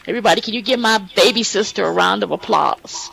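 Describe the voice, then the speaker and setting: Talk show host, male, gravelly and bright, rambling heartfelt delivery with restarts. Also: high voice, quick pace, low-quality recording. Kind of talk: casual talk show address. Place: online virtual-world voice chat.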